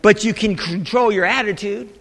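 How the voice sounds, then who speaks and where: A man's voice: sits high, normal speed, fairly bright tone. A man preaching a sermon in a church as the pastor, emphatic and often calling out "amen" to the congregation. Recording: reverberant church hall.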